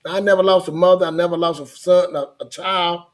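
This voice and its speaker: A man's voice: high voice, fairly even intonation, brisk. A middle-aged man talking in a casual chat, earnest and rambling, often repeating himself.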